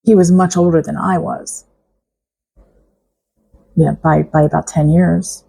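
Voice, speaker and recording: A middle-aged woman speaks straight to her viewers in a personal vlog. Her voice sits low and has a husky, gravelly texture. She talks in a reflective, halting way, often restarting her sentences. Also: little pitch movement, dark tone, low-quality recording. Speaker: vlogger. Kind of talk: personal vlog talk to camera.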